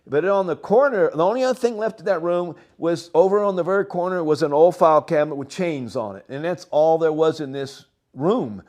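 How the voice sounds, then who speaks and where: An older man, telling a long story as a guest, animated and halting, with frequent chuckles. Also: a little high. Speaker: interview guest. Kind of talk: rambling storytelling.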